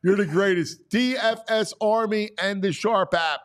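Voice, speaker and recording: A man hosting a casual sports talk show, loud and jokey in his banter with guests. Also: high-pitched, a little slow. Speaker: show host.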